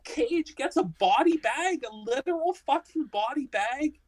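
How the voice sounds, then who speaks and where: A woman's voice: high voice, lively intonation, measured pace, darkish tone, poor audio. A woman co-hosting a casual wrestling discussion stream, ranting with heavy swearing and exasperation. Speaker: podcast co-host.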